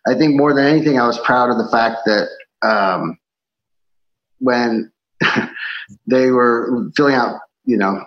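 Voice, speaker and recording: A man speaking as a musician guest in a casual interview, telling stories in a relaxed way with many fillers and restarts. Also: medium pitch, slow pace, long pauses. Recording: slightly dull, faint background noise.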